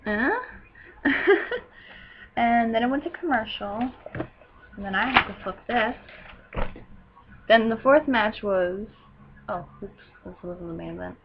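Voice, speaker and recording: A teenage girl recapping a wrestling show in a casual, gushing way, breaking into loud excited outbursts. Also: mid-range voice, measured pace, long pauses, muffled recording, noisy background. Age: teens.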